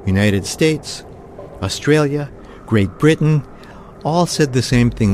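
A man telling a true story as a storyteller, in a measured, vivid way. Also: mid-range voice, expressive, a little mellow, a little hiss or hum. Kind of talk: spoken storytelling.

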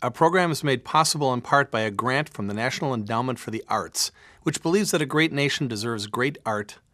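Male radio host, eager and admiring; bright tone, dry close mic. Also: medium pitch, brisk, no room sound. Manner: enthusiastic, admiring, relaxed. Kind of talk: radio interview. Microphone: studio microphone.

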